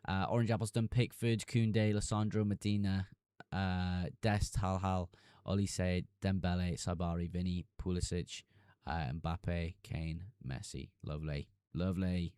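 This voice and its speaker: A man's voice: low-pitched, level tone, unhurried, a little mellow, smooth, no room sound, studio quality. A young man streaming live, reading chat messages aloud and answering them casually.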